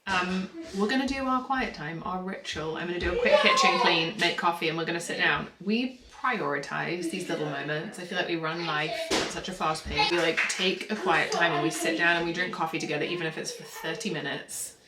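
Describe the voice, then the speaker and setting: A woman in her thirties chatting casually to camera at home in a family vlog, reflective and talkative, with soft laughs. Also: fairly low pitch, fairly quick, few pauses, very noisy. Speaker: family vlogger.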